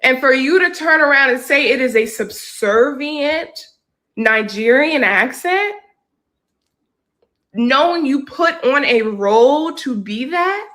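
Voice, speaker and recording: A woman's voice: high-pitched, lively intonation, unhurried, bright, forceful tone. A woman giving indignant, argumentative commentary to camera, full of rhetorical questions. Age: adult. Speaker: social media commentator.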